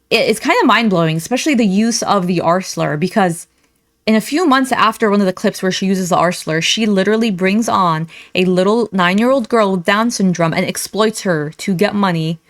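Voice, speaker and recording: A woman's voice: mid-range voice, no room sound. A woman commentator speaking bluntly and with indignation. Her voice sits mid-range, and the recording is close and dry with no room sound. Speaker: reaction commentator. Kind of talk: commentary reaction.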